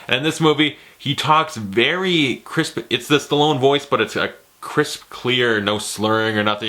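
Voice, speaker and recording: A young man giving casual, animated, profane commentary while ranking movies, often slipping into impressions. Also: mid-range voice, moderate pace. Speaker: movie reviewer.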